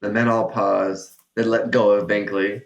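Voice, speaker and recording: A man hosting a gaming channel, reading an AI adventure story aloud in an animated way. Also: fairly low pitch, measured pace, gravelly, dull audio. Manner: animated, breaks into laughter. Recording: roomy echo.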